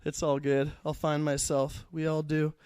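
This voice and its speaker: A man's voice: a little high, completely flat delivery, moderate pace, a little mellow, clear, resonant tone, dry recording. A young man performing a stand-up comedy set at a live show, rambling, profane and losing his thread.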